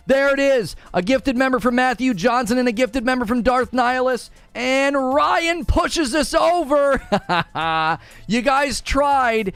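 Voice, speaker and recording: A man hosting a casual live stream, animated and jokey, often yelling. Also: high-pitched, no room sound.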